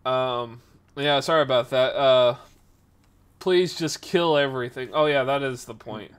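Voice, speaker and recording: A man in his twenties hosting a podcast and livestream, telling stories in casual chat, full of fillers and sudden jumps in loudness. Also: mid-range voice, smooth. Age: 20s. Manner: animated, filler-heavy, quick shifts in loudness. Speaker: podcast host and streamer.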